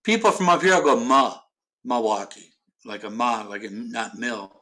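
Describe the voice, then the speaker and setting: Rambling middle-aged man, bright voice. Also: medium pitch, very animated, moderate pace. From Ohio. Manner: rambling, many restarts and fillers, swears casually. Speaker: podcast host. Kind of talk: casual chat.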